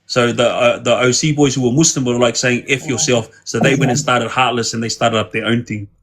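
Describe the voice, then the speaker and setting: A man's voice: mid-range voice, steady tone, fairly quick, a bit bright. A man casually telling long prison stories, rambling and acting out quoted dialogue. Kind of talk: casual storytelling.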